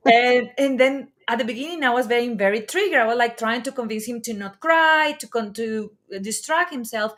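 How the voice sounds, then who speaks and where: A woman hosting a talk show, enthusiastic and animated as she tells stories. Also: fairly high pitch, normal speed, few pauses. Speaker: host. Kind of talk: livestream talk show chat.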